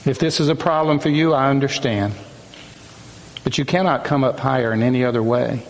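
A man's voice: mid-range voice, a little hiss or hum. Solemn male preacher in a reverberant hall. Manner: slow, solemn delivery with measured pauses. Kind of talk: sermon. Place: room with a group of men. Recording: long hall reverb, faint room ambience.

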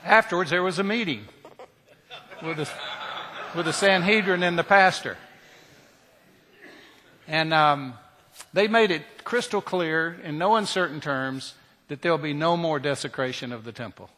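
A man preaches with a bright, fairly high voice, telling his story with humor and plenty of energy. The sound carries a long church-hall reverb around him. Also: measured pace, long pauses, slight background noise. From Southern United States. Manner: humorous, animated, leads shouted cheers. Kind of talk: storytelling sermon.

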